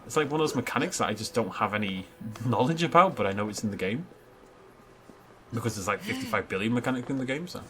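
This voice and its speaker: A young man casually narrating his gameplay, chatty and self-mocking, drifting into long anecdotes. His medium-pitched voice swings widely up and down as he talks. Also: expressive, fast talker, bright, forceful tone, faint music behind. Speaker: gaming video host. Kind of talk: casual let's play commentary.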